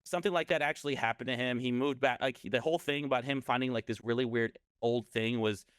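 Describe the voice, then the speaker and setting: A man's voice: medium pitch, quick pace, a bit bright, clean tone, no room sound, clean studio sound. A man casually telling a scary story on a podcast, rambling and often correcting himself.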